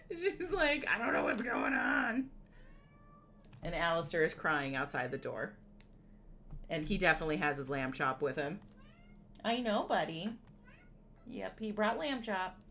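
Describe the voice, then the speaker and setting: A woman's voice: medium pitch, a bit bright, a little hiss or hum. A woman streaming from home, chatting casually with her viewers, giggling often and rambling through lots of fillers. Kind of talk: casual live-stream chat.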